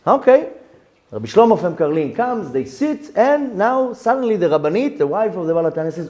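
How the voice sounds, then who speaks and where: Animated rabbi teaching with a mellow voice. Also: male voice, high voice, a little fast. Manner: animated, repeats words, acts out quotes in the story. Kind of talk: Torah lesson with storytelling.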